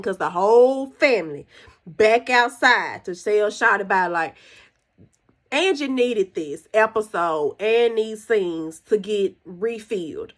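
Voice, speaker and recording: A woman hosting a podcast, chatting casually as she reviews a TV episode and gives her opinions. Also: fairly bright tone. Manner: chatty and conversational, recounting scenes with opinions; jumps higher when acting out quoted characters. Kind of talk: casual solo review chat.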